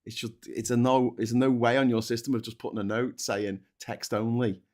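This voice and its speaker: A man's voice: mid-range voice, level tone, brisk, a little mellow. A British man co-hosting a casual live stream, reading viewer comments and ranting bluntly with frequent swearing and restarts.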